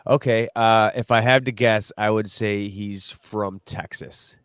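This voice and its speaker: A man's voice: on the low side, steady tone, unhurried, a bit bright, smooth, no room sound, studio quality. A man co-hosting a podcast in casual chat, blunt and swearing a lot. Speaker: podcast co-host.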